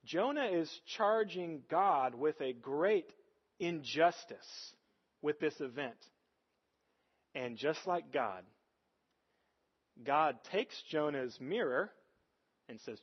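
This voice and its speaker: High-voiced pastor preaching with rhetorical questions. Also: male voice, animated, unhurried, long pauses, husky, dull audio. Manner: earnest, asks the congregation frequent rhetorical questions. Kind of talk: sermon.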